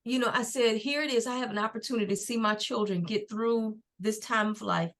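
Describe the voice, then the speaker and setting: A woman's voice: on the high side, fairly even intonation. Earnest middle-aged woman telling her story. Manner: earnest, faith-filled, unhurried storytelling. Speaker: guest, nonprofit founder. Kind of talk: personal testimony in a podcast interview.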